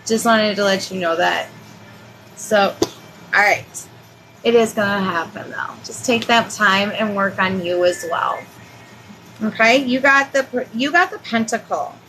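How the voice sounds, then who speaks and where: A woman's voice: mid-range voice, measured pace, slight background noise, rough recording. A woman giving a live tarot reading. She talks casually and reassuringly, rambling with many fillers. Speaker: tarot reader.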